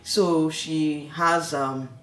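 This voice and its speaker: Nigerian male vlogger, slightly high voice, rambling and chatty, recorded off-mic in an echoey room. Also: fairly even intonation, drawn-out words, fairly bright tone. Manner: chatty, rambling, keeps tagging "okay?" and "like, seriously". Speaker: vlogger reviewing a reality show. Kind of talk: casual commentary. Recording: echoey room, distant mic, faint noise.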